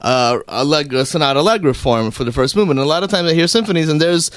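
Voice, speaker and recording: A man's voice: on the high side, fast, no room sound, clean studio sound. A man hosting a music radio show, teasing his co-host and guests in casual, joking banter with frequent restarts. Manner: playful, teasing, talks in restarts.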